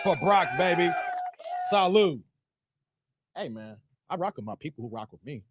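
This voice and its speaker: A man hosting a casual live stream, laughing often and shouting out his viewers by name. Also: medium pitch, big pitch swings, normal speed, some chatter behind.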